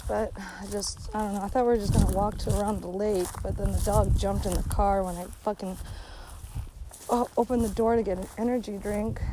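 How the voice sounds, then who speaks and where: A woman's voice: a little high, background noise. A woman delivering a blunt, sarcastic, profanity-heavy casual rant while out on a hike by a lake. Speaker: vlogger. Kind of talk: casual ranting monologue.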